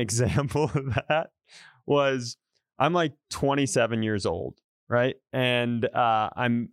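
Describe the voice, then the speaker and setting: A man co-hosting a podcast spins a long story in casual chat and throws himself into every quoted line. His voice sits at a middling pitch, recorded close and dry with no room sound. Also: clean tone, no echo. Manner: animated storyteller, acts out quotes. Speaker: podcast co-host.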